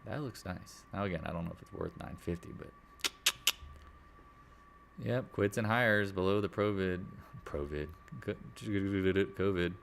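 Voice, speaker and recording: A man's voice: low-pitched, unhurried, vocal fry, long pauses, a bit bright, a little hiss or hum. A man hosting a casual live market chat, rambling and joking as he goes. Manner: rambling, jokey, self-deprecating. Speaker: market chat host and real estate agent.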